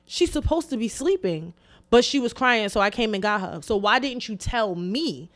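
Animated, profane woman telling a story. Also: a little high, moderate pace. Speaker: podcast co-host. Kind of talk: casual storytelling chat.

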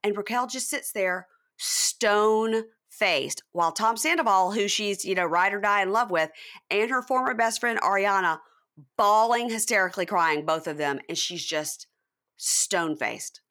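A woman podcast host in casual chat, animatedly recapping a reality show and acting out the cast's lines. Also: moderate pace. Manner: animated, acts out cast quotes in high voices.

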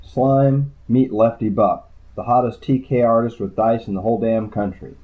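A man voicing a loud, mocking male casino boss with a sharklike grin, over a tinny, phone-like recording. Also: mid-range voice, fairly even intonation, moderate pace, natural voice. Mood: mocking glee. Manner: hearty, mocking greeting.

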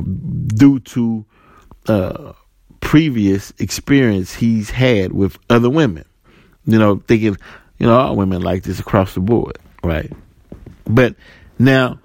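A man talks casually to camera in a monologue, making points with rhetorical "right?" and acting out little scenes with dialogue in different voices, plus some fillers and repeated words. His voice is lowish and a little mellow, with no room sound.

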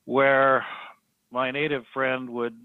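A man's voice: medium pitch, little pitch movement, clear, resonant tone, no room sound. Guy on a podcast telling his story, lots of uh and restarts, sounds tinny like a phone call. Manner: halting, with frequent restarts and fillers. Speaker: podcast guest. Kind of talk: storytelling in casual conversation.

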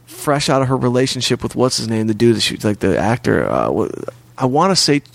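A man's voice: mid-range voice, very animated, fairly quick, vocal fry, no echo. Streetwise man telling a story, dry sound. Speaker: comedian guest. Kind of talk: casual podcast chat.

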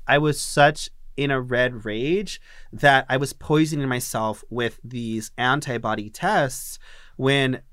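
A man's voice: mid-range voice, slow pace, smooth, dry recording. Candid, profane man in a dry room. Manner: candid, profane, animated retelling. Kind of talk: personal storytelling.

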